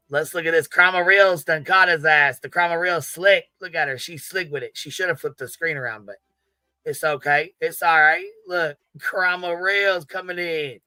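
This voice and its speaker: A man's voice: a little high, sharp tone, clean tone, no echo. Foul-mouthed laughing man hosting a livestream. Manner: profane, laughing, trash-talking. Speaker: livestream host. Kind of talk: brash commentary livestream.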